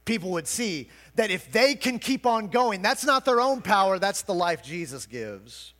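A man with a notably high voice preaches a sermon to his congregation. He moves between loud, driving emphasis and quiet, earnest teaching. His voice rings with a long reverb from a large hall. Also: big pitch swings, measured pace. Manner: preaching with rising emphatic delivery, dropping to quiet intensity. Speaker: pastor.

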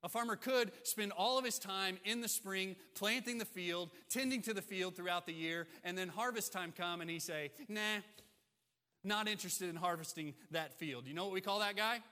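Male pastor, fairly high and bright voice, emphatic sermon delivery with repeated phrases, long hall reverb. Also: normal speed, hardly any pauses.

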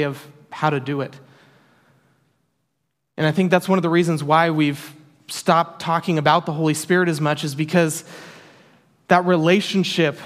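A man preaching a sermon in an earnest, emphatic way, repeating key phrases for weight. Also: a little high. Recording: long hall reverb.

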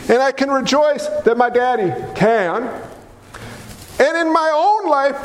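Male pastor, very high voice, emphatic folksy sermon delivery, reverberant church hall. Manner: emphatic, folksy, with sudden swings in pitch.

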